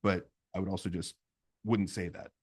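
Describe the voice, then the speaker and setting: A middle-aged man co-hosting a couples therapy podcast, explaining in a calm, measured way. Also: low voice, husky, no echo. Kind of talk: casual chat with role-play.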